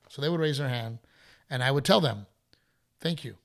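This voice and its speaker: A middle-aged man hosting a podcast, telling a story in a casual, animated way and acting out other people's voices. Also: mid-range voice, moderate pace. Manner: animated, acts out heckler voices. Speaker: podcast host.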